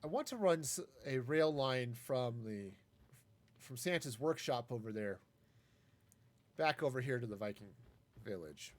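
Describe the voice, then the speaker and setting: A man's voice: mid-range voice, lively intonation, a little slow, long pauses. A man casually talking through a live game stream, wry and self-mocking as he rambles. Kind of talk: casual gameplay commentary.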